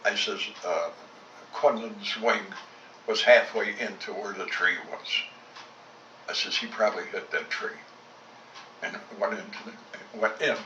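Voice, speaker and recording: Gruff older man telling war stories. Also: lowish voice, steady tone, unhurried, pauses often, sharp tone, a little hiss or hum. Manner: blunt, salty storytelling with reported dialogue. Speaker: former fighter-bomber pilot. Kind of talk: recorded war reminiscence. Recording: roomy, dull home tape recording from a distance.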